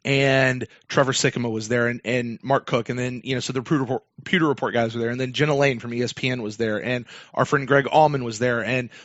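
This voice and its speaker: A podcast host rambles through a long sports story in a casual way, full of fillers and restarts. His mid-range, slightly bright voice stays steady and moves fast with few pauses. The recording is dry with no echo, and it sounds dull and lo-fi.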